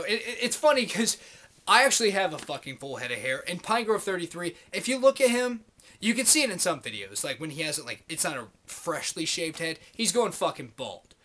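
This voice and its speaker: A man's voice: sits high, bright, forceful tone. A man in his late twenties giving a profane, rambling, heated monologue to the camera as a vlogger. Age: late 20s.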